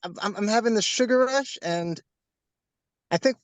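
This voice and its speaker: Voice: medium pitch, moderate pace, dry recording. An acting talent playing a brother in an improv scene, who sounds eager and stammers.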